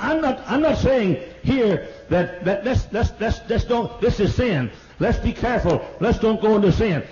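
High-voiced older preacher on lo-fi tape. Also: male voice, a little hiss or hum. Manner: emphatic preaching with stammered repeats and sudden shouts. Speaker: pastor. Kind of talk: sermon. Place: large church auditorium. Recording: dull lo-fi archival sermon tape.

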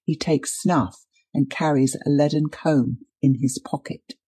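Picture a calm, learned forensic doctor from an old detective audiobook, as a man reads him. He lays out evidence in a measured, patient manner. The voice is mellow and a little husky. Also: fairly high pitch. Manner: measured, explanatory. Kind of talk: audiobook reading.

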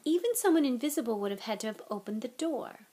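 A woman's voice: on the high side, lively intonation, quick pace, dark tone, breathy edge. A woman voicing a gloomy schoolboy wizard who grumbles heavily, in a storybook reading. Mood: grumbling. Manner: heavy, grumbling. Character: gloomy schoolboy wizard, freckled best friend.

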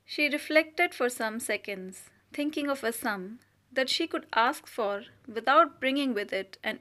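Audiobook reader: woman, fairly high voice, steady measured story narration. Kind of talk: scripted narration of a short story.

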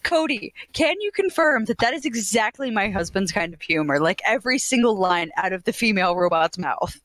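Emphatic bright-voiced woman telling stories. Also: mid-range voice, animated, fairly quick. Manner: emphatic, tells stories playfully with voiced quotes. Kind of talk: casual video-call chat.

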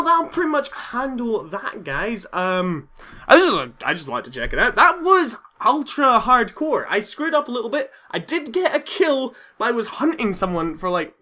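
A young man giving excitable let's-play commentary, swearing and yelling at the game. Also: high-pitched, moderate pace. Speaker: gaming YouTuber.

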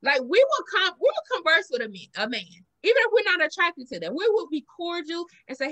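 Bright high-voiced Southern woman chatting. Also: fairly quick, hardly any pauses. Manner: animated storytelling, acts out quotes with big pitch jumps. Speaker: podcast host. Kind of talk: casual chat.

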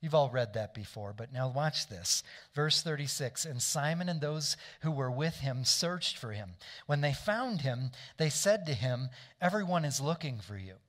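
A man's voice: medium pitch, animated, moderate pace, few pauses, a bit bright. A man preaching a sermon in a conversational way, often asking the congregation to agree and correcting himself as he goes. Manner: frequent restarts and self-corrections. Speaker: pastor.

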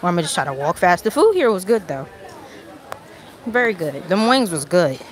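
A woman's voice: on the low side, big pitch swings, a little fast. Breathless, chatty woman on a live stream. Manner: chatty, rambling, laughs often. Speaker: vlogger. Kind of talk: casual live-stream chat. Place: outdoor restaurant patio. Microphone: handheld phone. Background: crowd of people.

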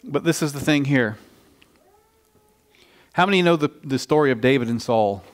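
A male pastor with a medium-pitched voice preaches at normal speed, telling stories in a conversational, animated way and frequently restarting his phrases.

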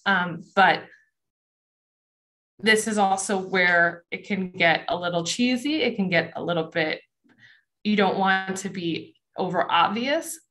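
A woman's voice: medium pitch, measured pace, bright, forceful tone. A young adult woman presenting a college essay workshop in a conversational, emphatic way, with many fillers and asides.

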